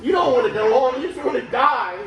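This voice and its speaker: A man's voice: very high-pitched, quick pace. A man telling a mock-sincere comic story in a live venue, slipping in fake ad reads. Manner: deadpan mock-sincere storytelling, breaking into laughs. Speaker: comedic performer. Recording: echoey room with music and crowd. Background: music and crowd noise.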